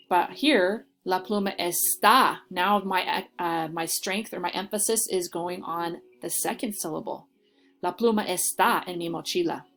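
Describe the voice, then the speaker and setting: A woman teacher giving a recorded lesson, explaining step by step and checking in with "okay?". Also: mid-range voice. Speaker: Spanish teacher.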